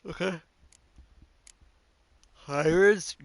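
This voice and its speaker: A man's voice: medium pitch, expressive, moderate pace, vocal fry, pushed and bright, dry recording. A man streaming a video game, reading on-screen text aloud and stumbling over words, with joking, swearing asides. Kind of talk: casual let's-play commentary, reading on-screen text aloud.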